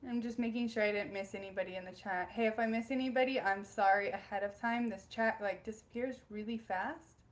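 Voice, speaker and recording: A woman's voice: medium pitch, steady tone, normal speed. A young woman hosting a casual spiritual livestream from home, bubbly and giggly as she greets viewers by name. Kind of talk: casual live-stream chat.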